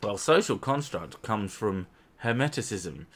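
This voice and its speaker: At home with his wife, a male channel host banters and argues profanely, swearing a lot. His voice is on the low side, expressive, a bit bright and a little slow.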